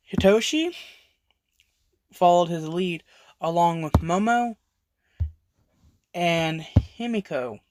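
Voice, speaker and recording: A storyteller narrating an original fan story over speedpaints, halting with frequent restarts and self-corrections. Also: mid-range voice.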